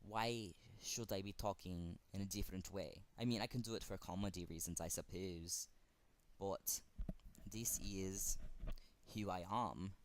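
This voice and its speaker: A man with a German accent speaking earnestly to camera in a fan tribute, halting and pausing often. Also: low voice, steady tone, a little hiss or hum. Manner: earnest, halting, with frequent pauses. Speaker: fan vlogger.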